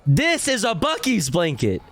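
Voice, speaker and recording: A male streamer reacting to clips in a slightly high, slow, lively voice. He rambles and swears freely in a loose, casual way. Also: soft background music. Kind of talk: casual live reaction commentary.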